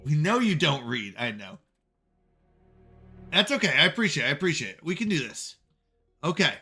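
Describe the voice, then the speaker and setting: A man's voice: fairly high pitch, big pitch swings, normal speed, sharp tone, soft background music. A man streaming a puzzle game, talking to himself and his chat in jokey, self-scolding asides. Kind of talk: live game commentary.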